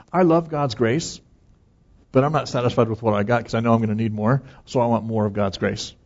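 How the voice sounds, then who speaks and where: Male pastor, husky voice, earnest chatty sermon, dull lo-fi recording. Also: medium pitch, a little mellow. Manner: earnest, conversational, with chuckles. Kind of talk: conversational sermon.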